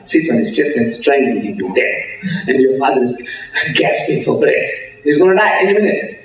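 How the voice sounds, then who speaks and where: A man giving a public religious lecture, telling stories, acting out dialogue and asking the audience rhetorical questions. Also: mid-range voice. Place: civic centre hall. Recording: echoey hall from far off, dull lo-fi sound.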